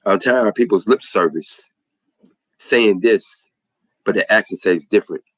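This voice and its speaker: Man, religious testimony, preacherly repetition, husky voice, dry close sound. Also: fairly low pitch, unhurried, dry recording, poor audio. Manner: preacherly, repeats phrases for emphasis. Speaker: speaker giving religious testimony. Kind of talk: impassioned spoken testimony.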